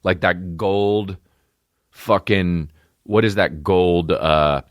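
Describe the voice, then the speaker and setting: A man hosting a podcast in casual chat, rambling and swearing a lot, with big jumps in pitch. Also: drawn-out words, no room sound, clean studio sound. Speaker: podcast host. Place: home studio with barking dogs nearby.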